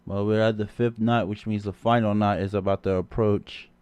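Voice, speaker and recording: A man's voice: on the low side, flat delivery, normal speed, darkish tone, clean tone. A man giving laid-back, offhand comments while he reads a game story on a livestream. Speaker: streamer reading a game story.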